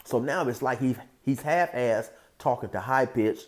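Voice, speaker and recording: A man's voice: medium pitch, normal speed. A man telling a story casually as a YouTube storyteller, in a laid-back, streetwise way with lots of "you know".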